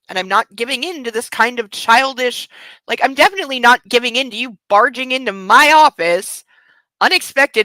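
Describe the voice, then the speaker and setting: A woman's voice: sits high, bright, forceful tone, no room sound, poor audio. A woman hosting a book show, ranting in profane, sarcastic, exasperated commentary. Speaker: host.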